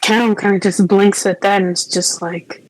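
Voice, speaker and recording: A woman's voice: medium pitch, steady tone, normal speed, no echo, rough recording. A woman playing a tabletop game, narrating her character's actions hesitantly. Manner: hesitant, soft-spoken narration. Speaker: player.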